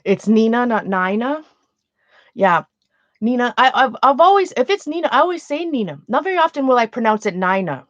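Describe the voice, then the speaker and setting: A woman's voice: a little high, sing-song, brisk, no room sound, muffled recording. A Canadian woman chatting casually on a livestream while making art, rambling and often restarting her sentences.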